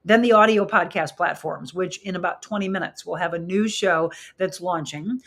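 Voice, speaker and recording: A woman's voice: fairly low pitch, moderate pace. A woman hosting a live talk show, chatting with viewers and reading their comments aloud, in front of flowers. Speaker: host. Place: studio with flowers behind her.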